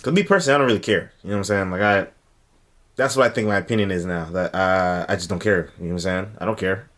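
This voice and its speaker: A young man hosting a reaction video, talking in a blunt, animated way, with heavy slang. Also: deep voice, quick pace. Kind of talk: casual reaction commentary.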